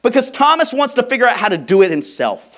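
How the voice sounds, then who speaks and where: A man preaching a sermon as pastor, emphatic, moving from hushed, intimate lines to loud, stressed ones. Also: very high-pitched, sing-song, fast. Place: church.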